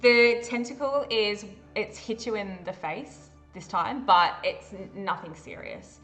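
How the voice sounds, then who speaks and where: A woman with an Australian accent running a tabletop horror game as game master, describing the scene vividly and halting often with fillers. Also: medium pitch, fairly bright tone, faint music behind.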